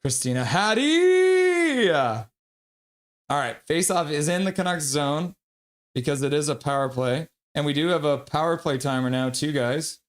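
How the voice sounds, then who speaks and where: A man's voice: on the high side, normal speed. A man giving live hockey play-by-play commentary for his stream audience, reading viewer chat aloud.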